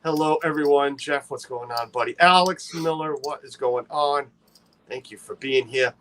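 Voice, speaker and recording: A man's voice: medium pitch, moderate pace, a bit bright, slight background noise. A man hosting a casual livestream, chatty and playful, greeting viewers by name and teasing his co-host.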